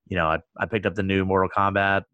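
A man chatting on a casual podcast as the father of a teenage son, relaxed and joking. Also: deep voice, fast talker, no room sound, muffled recording. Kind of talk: casual chat.

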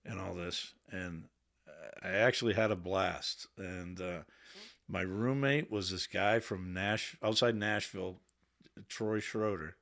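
Low-voiced man telling blunt stories. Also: slow pace, creaky, fairly bright tone. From Boston area. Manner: candid, swears freely, quotes himself in raised voice. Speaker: podcast guest, Navy veteran. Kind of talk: casual storytelling. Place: podcast studio.

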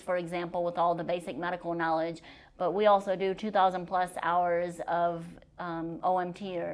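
A woman physician as a podcast guest, chatty and joking, explaining her medical work in plain terms. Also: fairly low pitch. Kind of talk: podcast interview.

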